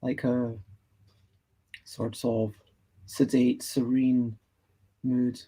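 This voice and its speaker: A man's voice: mid-range voice, little pitch movement, drawn-out words, warm tone, breathy edge. A Scottish man drawing on a livestream, chatting casually and thinking aloud as he reads and answers comments from the chat. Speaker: livestreaming artist.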